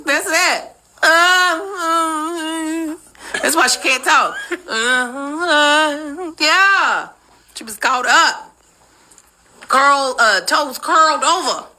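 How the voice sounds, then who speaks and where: A woman's voice: high voice, extremely slow, sharp tone. A woman giving playful casual reaction commentary, teasing and drawn out. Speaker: reaction host.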